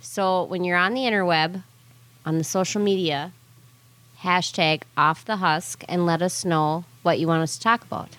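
A woman hosting a podcast, briskly keeping things on track. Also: lowish voice, steady tone, fairly bright tone, dry recording. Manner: brisk, keeps the show on track. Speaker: podcast host. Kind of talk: casual chat and show announcements.

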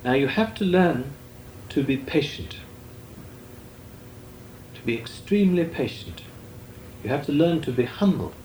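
An older man, a Benedictine monk, giving a measured, deliberate talk on meditation with long pauses. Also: a little high, animated, a little mellow. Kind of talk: slow meditative spiritual talk. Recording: echoey room with faint noise.

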